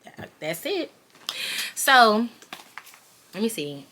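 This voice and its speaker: A woman's voice: a little high, big pitch swings, extremely slow, noisy background. Chatty young woman telling a storytime. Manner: chatty, talks straight to viewers as "y'all". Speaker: vlogger. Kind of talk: casual storytime.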